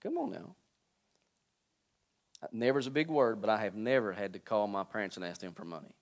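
Joking, animated pastor preaching a sermon. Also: male voice, fast. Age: 40s. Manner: joking and calling out to the congregation; swings between low, quiet asides and loud, high preaching.

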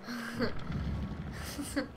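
A woman streaming herself playing a video game, talking to viewers and swearing constantly in exasperated outbursts. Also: very slow. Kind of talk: live gameplay commentary. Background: game music.

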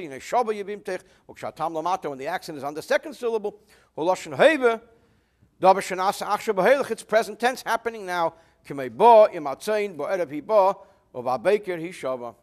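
Animated rabbi teaching a text. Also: male voice. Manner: expressive, rising and dropping in pitch and volume. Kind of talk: line-by-line text lesson, Hebrew read then translated.

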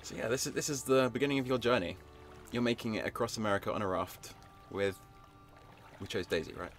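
A laid-back young man with a fairly low voice talks his friend through a game, explaining things patiently with lots of "like" and "um". Soft game music plays quietly underneath. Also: fast. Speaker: co-host guiding the player. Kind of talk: casual explanatory chat.

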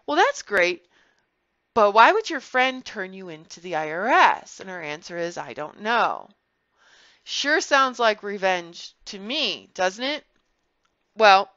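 Brief: bright-voiced woman vlogger, earnest storyteller, dry and dull lo-fi sound. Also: medium pitch, smooth, no echo. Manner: earnest, explanatory, animated storytelling. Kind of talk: personal vlog commentary.

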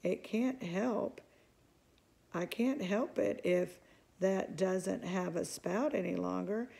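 A woman's voice: mid-range voice, takes it slowly, creaky, mellow, breathy edge, heavily acted. A woman voicing a cheeky fearless little girl. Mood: playful.

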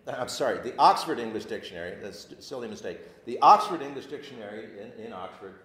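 A man with a mid-range voice talks fast while leading an adult class in a church classroom, reading and explaining old verse informally. He's animated yet frequently stops and restarts, and the room sounds echoey.

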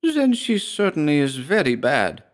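A man voicing a spiteful, avaricious old peasant washerwoman who speaks gravely and haggles in a storybook reading. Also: fairly high pitch, wildly swooping pitch, unhurried, voice pushed up. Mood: curt.

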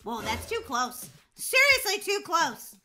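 A woman's voice: extremely high pitch, big pitch swings, unhurried, loud music behind the voice. A woman hosting a gaming channel, narrating a role-play video in an upbeat, playful way. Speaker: channel host.

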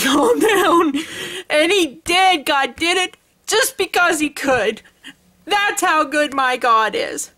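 Woman, middle-aged, crafting vlog host, excited, gushing, bright voice, higher pitch. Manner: excited and gushing, laughs often. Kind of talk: casual vlog chat.

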